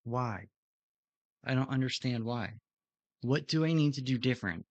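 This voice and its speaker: A man's voice: mid-range voice, normal speed, no echo, muffled recording. A man streaming himself practicing in a drone racing simulator, muttering to himself and swearing in frustration as he plays. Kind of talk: live gameplay self-talk.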